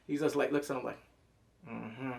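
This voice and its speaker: Male, fairly high voice, excited casual recap, profane, animated, quick character impressions. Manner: animated, profane, jumps into loud exclamations; mimics characters in quick asides. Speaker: TV episode reviewer.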